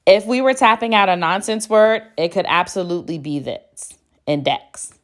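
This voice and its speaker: A woman teacher giving a phonics spelling lesson, speaking slowly and deliberately and spelling words out letter by letter. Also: mid-range voice. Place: classroom.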